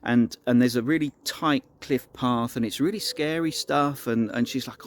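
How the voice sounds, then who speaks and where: A man spinning an improvised tale out loud, casual and rambling, often circling back to restart a sentence. His voice sits at an ordinary middle pitch. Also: normal speed, hardly any pauses. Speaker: storyteller. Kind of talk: improvised spoken storytelling.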